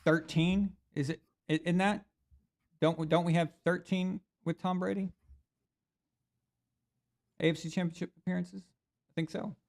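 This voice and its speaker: A man's voice: high-pitched, flat delivery, measured pace, creaky, pauses often. A man hosting a live sports reaction stream, talking casually and animatedly. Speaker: sports show host.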